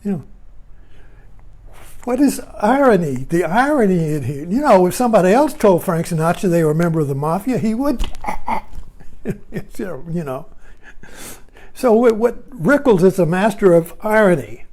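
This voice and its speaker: Mellow-voiced man musing and chuckling. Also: sits high, very animated, moderate pace. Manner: chuckling, digressive, self-interrupting. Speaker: speaker on Zen and irony. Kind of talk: rambling casual monologue.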